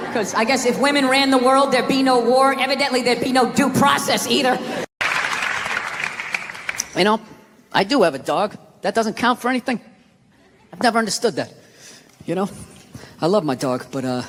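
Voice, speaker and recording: A male stand-up comedian on stage, ranting and swearing with sudden shouted bursts. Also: very high-pitched, normal speed, long pauses, crowd noise, background noise. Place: large comedy venue on stage. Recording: live hall with loud audience. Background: audience laughter.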